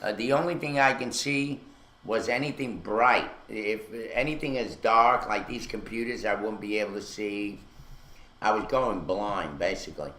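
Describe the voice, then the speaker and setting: A man's voice: on the low side, moderate pace, bright, forceful tone, echoey room, slight background noise. A man, co-hosting a radio show and telling a long story full of fillers. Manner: rambling storyteller, many fillers. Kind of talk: casual chat. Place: radio studio.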